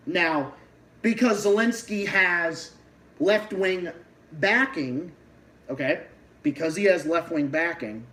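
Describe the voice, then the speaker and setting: A man's voice: on the high side, takes it slowly, sharp tone, distant mic, poor audio. Ranting Boston man, set back from the mic. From Massachusetts. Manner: heated, profane ranting with many restarts. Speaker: livestream host. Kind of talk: political rant on a livestream.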